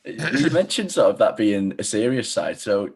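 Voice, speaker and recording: A man hosting a podcast, asking relaxed questions and giving brief encouraging replies. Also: fairly low pitch, moderate pace, slightly rough. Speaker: podcast host. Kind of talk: casual interview.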